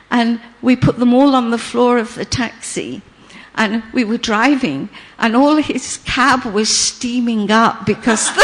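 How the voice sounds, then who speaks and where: An older woman, telling a personal memory in an unhurried, halting way with many pauses and fillers. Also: sits high. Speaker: storyteller sharing memories. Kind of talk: casual spoken recollection.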